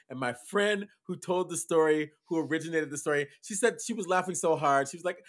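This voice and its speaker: A man co-hosting a podcast, telling a story theatrically, switching between loud bursts and hushed asides. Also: fairly high pitch, fast, few pauses. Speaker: podcast co-host.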